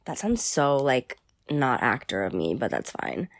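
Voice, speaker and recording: A woman's voice: rumbling low, big pitch swings, measured pace, no echo. A young woman voice actor rambling goofily to herself while reading through a script. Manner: goofy, rambling, mock-dramatic.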